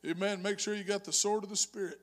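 A male pastor preaching a sermon in church, moving from conversational storytelling to shouted exhortation. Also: high voice, steady tone, fast talker. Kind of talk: Pentecostal-style preaching. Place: church sanctuary.

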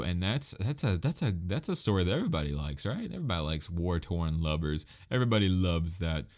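A man with a deep, low voice talks casually as a host. He rambles, poking fun at himself and laughing now and then. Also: big pitch swings, a little fast, hardly any pauses. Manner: rambling, self-mocking, laughs often. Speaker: podcast host recommending anime. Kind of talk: casual talk.

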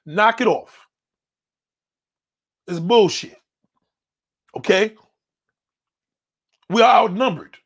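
A man's voice: high-pitched, husky. A man hosting a show, reading viewer comments and answering them in a blunt, confrontational rant full of swearing. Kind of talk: profane ranting commentary.

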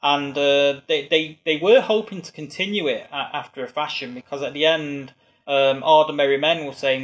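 A man's voice: fairly high pitch, normal speed, muffled recording. A man chatting casually on a podcast, rambling with many restarts and fillers.

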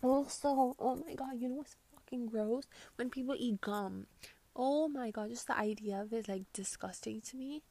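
Gravelly woman ranting with heavy swearing. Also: fairly high pitch, moderate pace. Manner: swings between loud outbursts and muttered asides. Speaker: vlogger reacting to posts. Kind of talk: casual profane rant.

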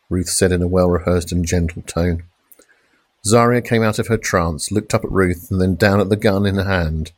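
A man reading a crime novel aloud in measured, dramatic narration, raising his voice for the police shouts. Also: low-pitched, no room sound. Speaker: audiobook narrator. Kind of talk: scripted narration.

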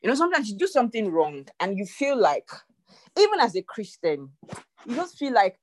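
A woman's voice: on the high side, very animated, a little fast, no echo. A woman pastor preaching a sermon, earnest and emphatic, repeating her key phrases.

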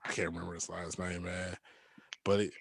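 Young guy, animated storyteller, does the voices, laughs a lot, dry close sound. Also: sits low, a little fast, vocal fry, breathy edge, no room sound. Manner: animated storyteller, acts out quotes, laughs often. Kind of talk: casual chat.

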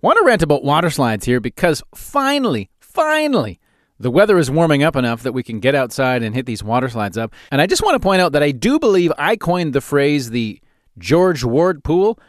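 Recorded dry in studio quality, this Calgary-born podcast host in his forties speaks briskly with a fairly high pitch. Running his solo comedic storytelling show, he's lively and laughs a lot at his own stories.

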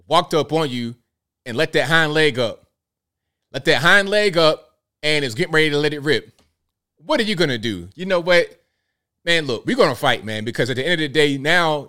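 Animated male show host. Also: on the high side, normal speed. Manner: animated, full of rhetorical questions. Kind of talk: live commentary show.

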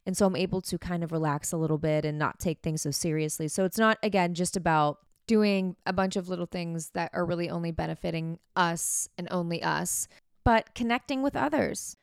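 A woman's voice: lowish voice, gravelly, smooth, no echo, studio quality. A woman hosting a podcast, talking frankly and chattily about herself in a candid self-help monologue. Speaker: podcast host.

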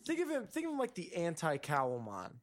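Guy with a slightly high voice chatting on a podcast, riffing, lots of restarts. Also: huge pitch swings, fairly quick, no echo, clean studio sound. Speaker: podcast co-host. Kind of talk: casual chat.

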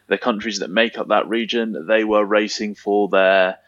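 A man's voice: lowish voice, moderate pace, dry recording, highs cut off. A man co-hosting a casual podcast, reading out race results with lots of ums and easy laughs. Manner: relaxed, hesitant, many ums, laughs easily. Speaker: podcast co-host.

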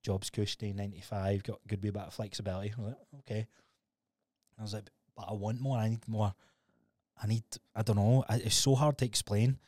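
A Scottish man in his thirties tells his story fast and candidly on a podcast, swearing freely. His voice sits a little low. The sound is dry and close. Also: level tone, a little mellow, no room sound. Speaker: podcast co-host. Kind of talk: casual podcast chat.

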